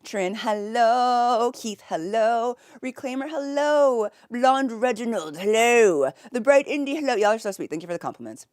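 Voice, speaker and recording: A woman's voice: on the high side, animated, moderate pace, hardly any pauses, darkish tone, no echo, clean studio sound. A woman streamer chatting casually and greeting her chat from her home office, giggly and effusive. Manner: giggly and effusive, with frequent laughs.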